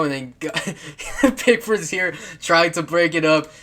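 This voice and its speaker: A man's voice: on the high side, takes it slowly, pushed and bright. A man casually commenting on football clips, rambling and swearing, with lots of fillers, restarts and laughs.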